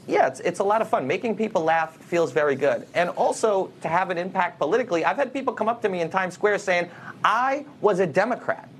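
A man's voice: fairly high pitch, a little hiss or hum. A man who does stand-up comedy, speaking as an interview guest in an upbeat, earnest and talkative way.

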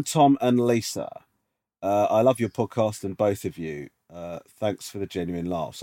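A man's voice: mid-range voice, a little mellow, dry recording. A man co-hosting a casual advice podcast, dry and teasing, reading listener emails aloud and giving his view. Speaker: podcast co-host. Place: remote call.

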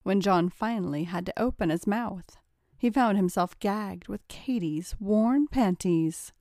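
A woman narrates a story in a steady, even-toned way. Her voice sits at a middle pitch, and the recording is dry and close, with no room sound. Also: measured pace, no echo. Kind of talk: storybook reading.

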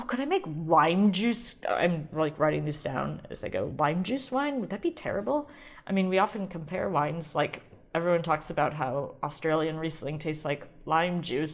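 A woman hosting a casual solo podcast, chatty and rambling, often restarting and laughing. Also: on the low side. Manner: chatty, rambling, self-interrupting with frequent ums and laughs. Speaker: podcast host.

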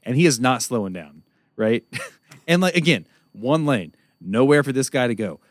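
A man telling a long story as a podcast co-host, profane and animated, laughing often. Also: medium pitch, normal speed, dry recording, clean studio sound. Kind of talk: casual storytelling chat.

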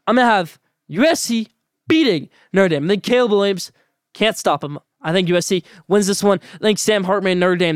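A young man hosting a solo sports podcast, giving blunt, opinionated rapid-fire picks. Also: high-pitched, no room sound, studio quality.

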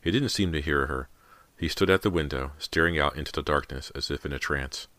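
A male audiobook narrator with an extremely deep yet bright, forward voice. He reads the story steadily, close and dry, with no room around him. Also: brisk, dry recording. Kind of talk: scripted narration.

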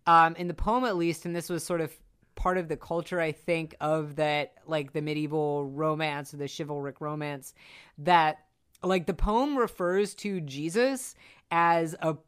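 Woman co-host, smooth, slightly low voice, chatty and animated, frequent fillers. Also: normal speed. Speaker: podcast co-host discussing a film. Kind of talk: casual chat.

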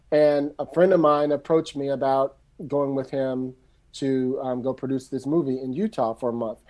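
A middle-aged man from San Francisco, a screenwriter telling his story in a loose, animated, casual way and swearing freely. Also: medium pitch, moderate pace. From San Francisco, USA. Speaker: screenwriter guest.

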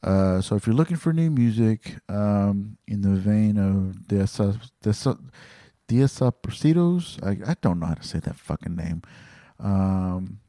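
A man with a low, mellow voice talks loosely on his own podcast. He rambles, stops and restarts, and fills the gaps with ums and the odd swear word. The sound is dry and close, with no room around it. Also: measured pace, no room sound. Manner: rambling, many fillers and restarts, swears casually. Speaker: podcast host. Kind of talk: casual monologue.

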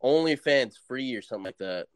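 A man's voice: medium pitch, lively intonation, brisk, clean tone, dry recording. A young man chatting as a podcast guest, laid-back and slangy, swearing casually.

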